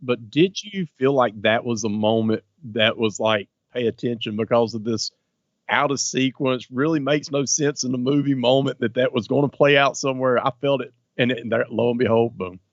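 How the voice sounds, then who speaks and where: A man's voice: medium pitch, normal speed, dry recording, dull audio. A male podcast guest in casual film chat, giving short reactive replies with dry humor.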